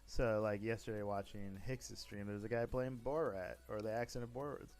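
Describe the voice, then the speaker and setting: On a casual livestream, a man rambles about running a role-play server, often restarting and correcting himself. His voice sits on the low side with a darkish tone and fairly even intonation, and he talks fairly quickly over soft background music.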